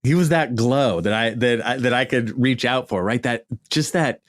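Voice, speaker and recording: A man's voice: mid-range voice, normal speed. A middle-aged American man talks into a podcast mic in a loose, unscripted monologue. His delivery is lighthearted and chatty, and he keeps tossing in "right?" and "you know" while he tells his story. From United States. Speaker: podcast host. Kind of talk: casual reminiscing monologue. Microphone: podcast microphone.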